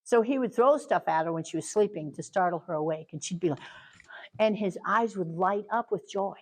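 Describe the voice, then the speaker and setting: A middle-aged woman leading a training talk for caregivers, animated and lively, acting out children and parents in quick asides. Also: lowish voice, rough recording.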